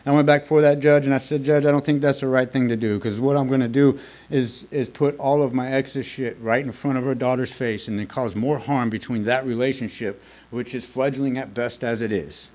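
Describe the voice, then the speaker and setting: A man's voice: medium pitch, fairly even intonation, a little fast, a little mellow. A man speaking at a recovery meeting, telling his own story in a candid, plain-spoken and earnest way, with some casual swearing. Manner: earnest and confessional. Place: meeting room at a school.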